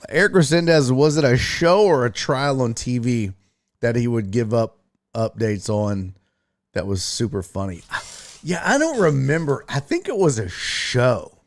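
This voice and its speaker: A man hosts a casual sports talk stream, reading chat aloud and offering blunt, profane, mocking takes. His mid-range voice has big pitch swings and an unhurried pace.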